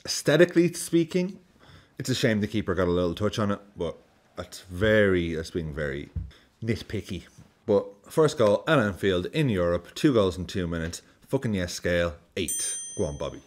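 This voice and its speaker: Male football vlogger, low and expressive, casual and sweary. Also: normal speed. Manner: animated, swears freely, acts out reactions. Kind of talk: casual match commentary.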